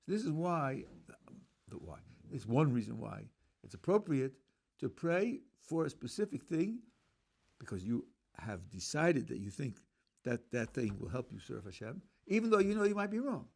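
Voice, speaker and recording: A man teaches a Torah class as a rabbi, explaining patiently and thinking out loud. His pitch is lively, jumping up and down as he talks. He restarts sentences and fills pauses with ums along the way. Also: creaky. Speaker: rabbi lecturer.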